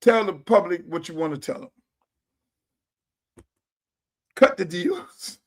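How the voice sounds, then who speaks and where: With a high pitch and lively intonation, a man takes his time ranting to viewers on his own streamed show. The talk is casual, blunt, profane and slangy, recorded on a streaming setup mic.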